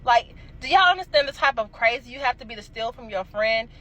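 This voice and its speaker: A young adult woman telling a casual storytime, animated and emphatic, swearing freely. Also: a little high, brisk, low-quality recording.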